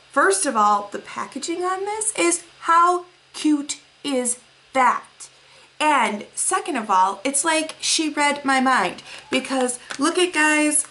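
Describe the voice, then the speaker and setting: Gushing, excitable young woman vlogger. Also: high voice, a little hiss or hum. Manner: gushing, breathless exclamations, gasps. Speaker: beauty vlogger. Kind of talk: excited mail unboxing.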